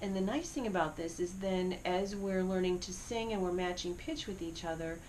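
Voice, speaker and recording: A woman's voice: fairly low pitch, moderate pace, a little mellow, slight background noise, low-quality recording. A middle-aged woman teaching a singing lesson, encouraging students as she explains vocal exercises. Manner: encouraging, demonstrating vocal slides. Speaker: music teacher.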